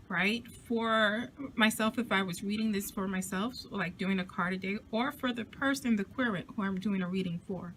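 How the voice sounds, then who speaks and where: A woman's voice: mid-range voice, fairly bright tone, slight background noise. A woman casually walking through and reviewing a new card deck, chatty and enthusiastic, often restarting her sentences. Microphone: zoomed-in camera close-up.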